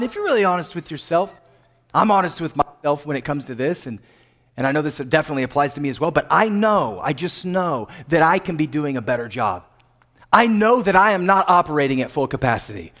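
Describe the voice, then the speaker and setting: Pastor, male, high-pitched voice, fiery live sermon that surges into shouts, teases the congregation. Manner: impassioned, builds to emphatic shouts; joking asides to the congregation. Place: church sanctuary with congregation.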